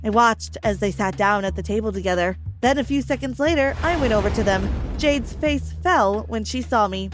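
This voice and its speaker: A woman narrating a dramatic first-person story in an animated storytelling manner. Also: on the high side, moderate pace, hardly any pauses, over music.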